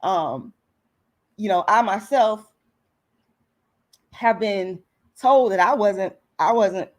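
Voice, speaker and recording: A woman's voice: medium pitch, slow. A woman with a slight lisp and a strained throat, giving earnest casual commentary to her livestream viewers. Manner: earnest, repetitive, addresses viewers as y'all. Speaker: commentary vlogger.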